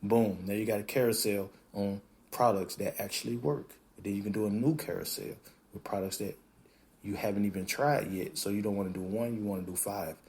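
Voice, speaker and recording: A man hosting a podcast, talking in a casual, animated monologue that acts out quoted voices and swears freely. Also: fairly low pitch, fairly quick. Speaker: podcast host.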